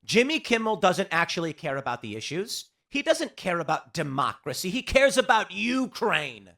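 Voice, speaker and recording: Animated, sarcastic male commentator. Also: sits high, moderate pace, vocal fry. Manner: sarcastic, mocking. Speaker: political commentator. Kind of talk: reaction commentary.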